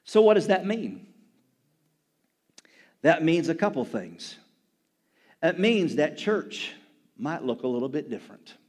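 A man preaching a sermon as pastor, telling a story and building to loud, impassioned exclamations. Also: on the high side, very animated, a little slow, pauses often.

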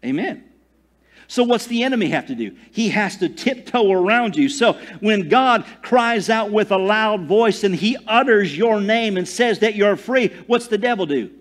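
A man preaching a sermon, swinging from loud declarations to hushed near-whispers, with asides and jokes. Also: high voice, expressive, moderate pace, hardly any pauses. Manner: tells jokes and laughs at himself. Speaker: pastor.

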